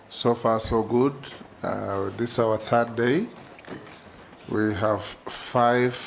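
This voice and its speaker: A man runs a parliamentary committee hearing at an unhurried, deliberate pace, his voice sitting at an ordinary middle pitch. He speaks in a measured, officious manner into a desk microphone in a committee room, with a faint hiss of background noise. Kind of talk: formal procedural chairing.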